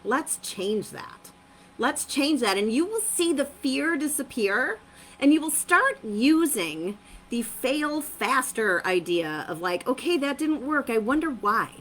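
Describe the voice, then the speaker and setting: Bright, lively motivational woman. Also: high voice, a little slow, a little hiss or hum, low-quality recording. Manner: upbeat, emphatic, repeats phrases, laughs often. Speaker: motivational host of a live stream. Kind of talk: live-streamed motivational talk.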